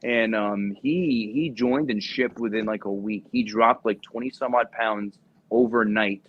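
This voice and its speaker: A young man and former Marine recruiter, his voice lowish and a little slow, recounts a profane story casually. He's animated and acts out everyone's voices, and the podcast recording sounds dull and lo-fi.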